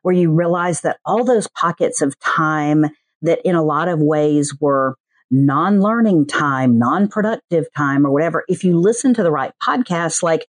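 A woman with a Southern US accent, a podcast producer chatting in an interview and slipping into quick voiced asides. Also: low-pitched, no room sound. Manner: chatty, animated, mimics other people's voices in quick asides. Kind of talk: casual interview chat.

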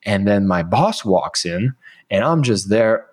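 A man in his thirties, a guest on a podcast, telling stories in a casual, animated way and acting out the lines people said to him. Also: lowish voice, a little slow, husky. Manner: animated, acts out quoted dialogue. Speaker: podcast guest, sales author. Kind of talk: casual interview storytelling.

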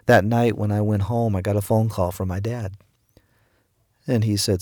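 A middle-aged pastor's lowish, creaky, dark voice moves at a moderate pace in clean, echo-free studio sound. Preaching devotionally, he tells a personal story and raises his voice to quote the people involved.

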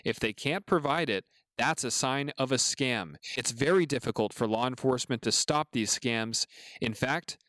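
A man reporting a news package in a crisp, even voice-over. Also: mid-range voice, normal speed, no room sound.

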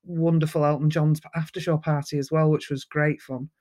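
Woman with a Mancunian accent, photographer guest, lively anecdotes, casual chat. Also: sits low, moderate pace. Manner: lively, animated storyteller.

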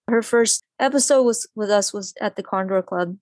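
A woman tells a personal story in an animated, conversational way, peppering it with "like" and acting out quotes. Her voice sits in a middle range. The recording is dry and close, with almost no room sound. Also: mid-range voice, normal speed, no room sound. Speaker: guest.

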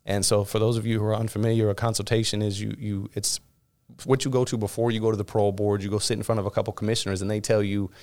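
A man's voice: fairly low pitch, flat delivery, darkish tone. A man in his thirties from California, a guest telling his story candidly in an interview, with many fillers and restarts. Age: 30s. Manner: rapid, frequent "you know" fillers and restarts.

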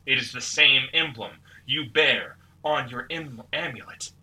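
A man's voice: medium pitch, measured pace, pushed and bright. A man hosting and narrating a tabletop adventure, breaking off for joking asides. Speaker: game master and host. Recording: distant mic with background music.

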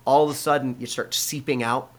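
A man's voice: mid-range voice, steady tone, brisk. Earnest middle-aged American man telling his story. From United States. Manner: earnest storytelling with frequent restarts and fillers. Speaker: pastor. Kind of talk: conversational testimony in an interview.

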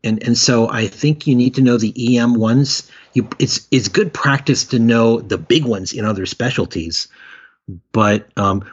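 A man, an emergency physician and expert witness, calmly explaining advice as a guest in an interview, often repeating words as he goes. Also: mid-range voice, husky, dull audio.

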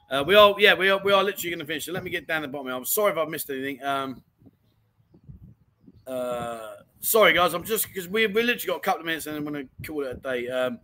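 The audio is poor as a livestream chat show host speaks in a fairly high, pushed and bright voice. Broadcasting casually from home in Pattaya, he reads viewer comments and keeps chummily calling everyone mate.

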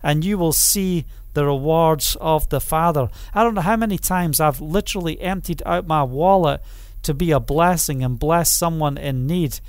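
Fervent high-voiced male preacher. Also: dry recording. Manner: fervent, repeats phrases, calls out hallelujah and amen; swings between loud proclaiming and low quiet stretches. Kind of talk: sermon.

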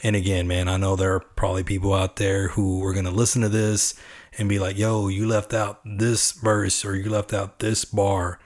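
Man, podcast host, from Texas, casual and chatty, deep voice, monotone delivery. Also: moderate pace. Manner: relaxed, chatty, enthusiastic about the music. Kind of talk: casual podcast commentary on songs.

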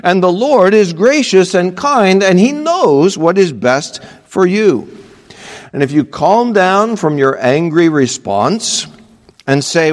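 Slow, lively-pitched male pastor preaching. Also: in a large hall. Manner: earnest, emphatic preaching with asides. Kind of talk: sermon. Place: church pulpit.

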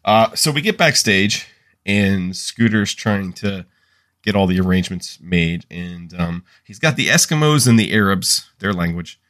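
A podcast co-host who recaps an episode with casual, wry asides. His voice sits deep but moves with a lot of lively pitch. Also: unhurried. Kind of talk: casual chat.

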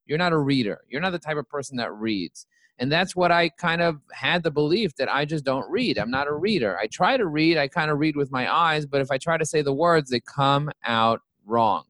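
A man's voice: mid-range voice, no room sound. A man, a company CEO, telling stories as a guest in a casual interview, acting out the dialogue as he goes. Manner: animated, acts out quoted dialogue.

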